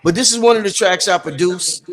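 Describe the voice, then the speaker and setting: A man hosting an album listening party in casual chat, introducing tracks in a relaxed, halting way with many fillers. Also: high voice.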